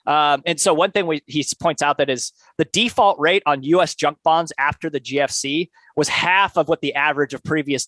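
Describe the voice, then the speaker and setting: A man's voice: on the high side, a bit bright, dry recording. A man co-hosting a podcast, casually summarizing a book in a loose conversational way, with many filler words. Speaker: podcast co-host.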